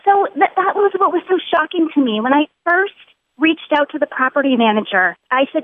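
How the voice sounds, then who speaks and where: A woman's voice: high voice, expressive, a little fast, no echo. A woman calling in to a talk show, telling her story in an earnest, aggrieved way and stacking up repeated points for emphasis. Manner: earnest and aggrieved, builds emphasis through repetition. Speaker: caller. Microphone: telephone. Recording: tinny phone line.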